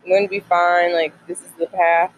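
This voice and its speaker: A young adult in their twenties chats casually in a faith vlog, drifting from thought to thought and filling gaps with "like." The pitch sits in a plain middle range, and there is a faint hiss of noise underneath. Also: little pitch movement, normal speed, lo-fi sound. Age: 20s. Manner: rambling, many "like" fillers. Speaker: college student sharing faith devotional.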